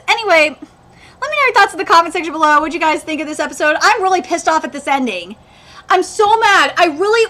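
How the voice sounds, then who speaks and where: A woman's voice: extremely high pitch, bright, forceful tone. A woman hosting a live anime reaction, ranting with exasperation and swearing freely as she checks details against the manga.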